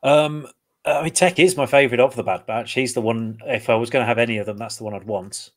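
A man giving his picks in a casual panel chat over a video call, thinking aloud in a measured way. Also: medium pitch, steady tone. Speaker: panel guest.

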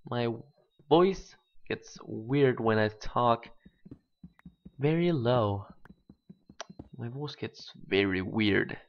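A gaming channel host, speaking at medium pitch with drawn-out words, pauses often while doing let's play commentary. He thinks out loud and bursts into excitement, recorded on a dull lo-fi home mic.

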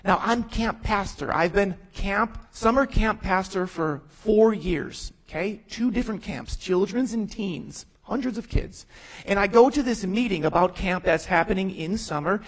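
A man's voice: high voice, measured pace, slightly rough, rough recording. A man in his thirties, a pastor, giving an emphatic storytelling testimony sermon, acting out his own words and other people's. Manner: storytelling, quoting himself and others in voices; emphatic, rising to near-shouts.

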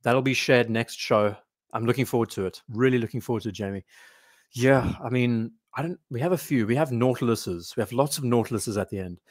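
A man's voice: medium pitch, no room sound. Man, live stream host, casual rambling chat, dry close sound. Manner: rambling, reads viewer comments aloud.

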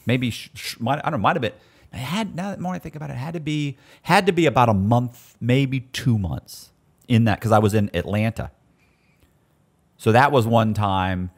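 A man telling stories in casual chat, animated and often restarting his sentences. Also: medium pitch, normal speed, slightly rough. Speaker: guest storyteller.

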